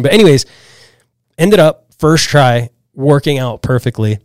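A man's voice: mid-range voice, fairly quick, no echo. A man from Pennsylvania tells a wild story as a podcast guest in easy, rambling speech. He fills it with "like"s, restarts and acted-out quotes, in a mid-range voice recorded close and dry. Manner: animated storyteller, many "like"s and restarts. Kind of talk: casual storytelling chat.

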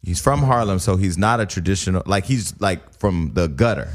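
A low-pitched man hosts a radio show in loose, joking banter. He talks brashly and swears freely. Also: normal speed. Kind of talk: casual banter.

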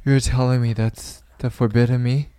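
A man's voice: medium pitch, flat delivery, normal speed, mellow, clean tone. Incredulous man reacting with short questions. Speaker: podcast co-host. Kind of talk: casual true-crime chat.

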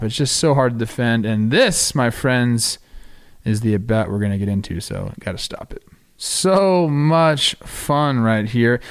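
A man hosting a baseball podcast, talking through game clips casually with excited, animated asides. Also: mid-range voice, clear, resonant tone. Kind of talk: casual video breakdown commentary.

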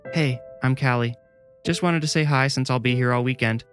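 A man's voice: medium pitch, normal speed, fairly bright tone, faint music behind, voice pushed up, lightly acted. A man voicing a nervous, polite teenage girl babysitter who stammers and hesitates. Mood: friendly. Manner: flustered, hesitant.

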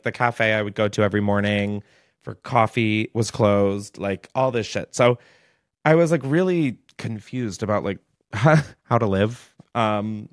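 A man's voice: fairly low pitch, dry recording, clean studio sound. A young man hosting a podcast, telling a casual, gossipy storytime in a chatty way, with lots of "like" throughout. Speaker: podcast host.

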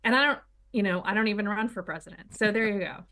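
A woman's voice: medium pitch, quick pace, pushed and bright. Blunt, opinionated woman co-host. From United States. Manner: opinionated, blunt, talks in long runs. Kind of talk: casual political chat.

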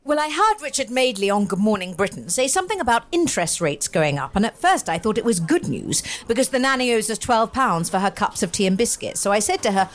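A man's voice: high voice, big pitch swings, quick pace, few pauses, a bit bright, voice pushed up. A man voicing a fussy, gossiping woman overheard in a cafe, chatty and indignant.

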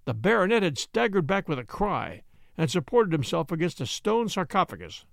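Gravelly, high-voiced male storyteller. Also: very animated, moderate pace, no room sound, clean studio sound. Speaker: audiobook narrator. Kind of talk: scripted narration.

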